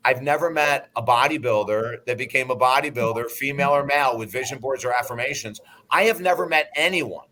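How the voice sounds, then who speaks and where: A man in his sixties speaks as a guest in an interview. His voice sits at an ordinary middle pitch. He tells stories in an animated, emphatic way and sometimes swears. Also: brisk, few pauses. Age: 60s. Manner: blunt and emphatic, with profanity; animated anecdote-teller. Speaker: guest, life coach and broadcaster. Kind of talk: interview storytelling.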